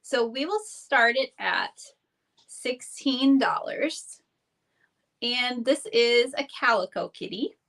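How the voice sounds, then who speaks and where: A woman presenting items in a live vintage auction, unhurried and easygoing. Her voice is fairly high, and she takes her time over each word. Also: animated, a bit bright. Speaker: co-seller in live sale. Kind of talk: live online auction selling.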